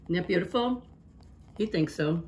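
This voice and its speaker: A woman's voice: fairly low pitch, lively intonation, normal speed, darkish tone, slight background noise. A woman hosting a home cooking video, chatty and talking viewers through each step directly. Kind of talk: casual cooking demonstration. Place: home kitchen.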